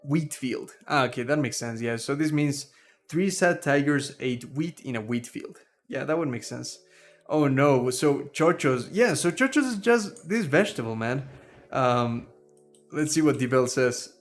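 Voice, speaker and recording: A man's voice: mid-range voice, expressive, a little slow. Young male streamer, rambling and laughing, faint music underneath. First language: Spanish. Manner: rambling, laughs at his own tongue-twister slips. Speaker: livestream host. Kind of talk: casual live-stream chat.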